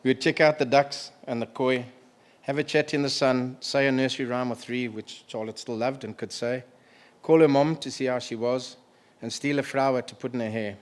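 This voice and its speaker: At a memorial, a middle-aged man gives a eulogy for a family member, speaking haltingly and emotionally and stopping to clear his throat. His voice is medium in pitch and steady in tone.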